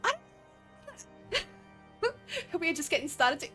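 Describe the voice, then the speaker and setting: A young woman streaming a game in casual, excitable chat, often swearing and laughing. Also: sits high, a little slow, over music.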